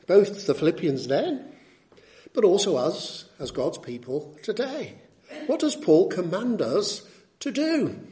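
A man's voice: fairly high pitch, darkish tone. A man preaching an expository sermon, teaching in an emphatic, teacherly way and repeating key phrases for weight.

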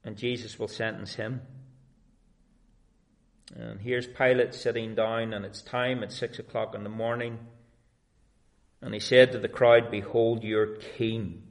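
A man's voice: fairly low pitch, flat delivery, unhurried, pauses often. A man preaching a sermon in an earnest, emphatic way.

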